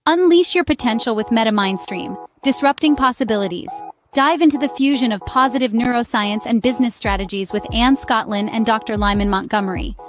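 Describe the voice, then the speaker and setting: Woman promo announcer, polished read, higher voice, faint music bed. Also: fairly quick.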